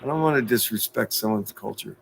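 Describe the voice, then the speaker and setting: A man's voice: fairly low pitch, a little fast, gravelly, slight background noise. A man hosting a livestream, chatting casually, joking and laughing as he reads viewer comments. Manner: jokey, laughs often, plays with words. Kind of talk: casual chat.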